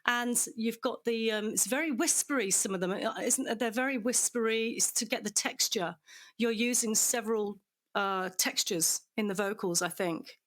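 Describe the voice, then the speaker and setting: A chatty woman hosts a podcast, laughing often and gushing as she talks. Her voice sits a little high for a woman. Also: normal speed, fairly bright tone. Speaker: podcast host. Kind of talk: casual chat.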